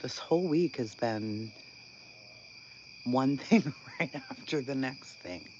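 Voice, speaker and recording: A man hosting a channel, talking casually about online drama in an animated, incredulous way and laughing often. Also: mid-range voice, takes it slowly. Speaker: channel host. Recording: dull lo-fi sound with constant background noise.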